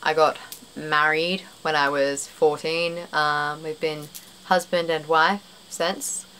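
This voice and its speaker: Young woman, Australian accent, casual vlog chat, rambling, low voice, faint background hiss. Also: fairly even intonation, slow, a bit bright, poor audio. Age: young adult. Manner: chatty, rambling, self-deprecating, frequent fillers. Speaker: vlogger.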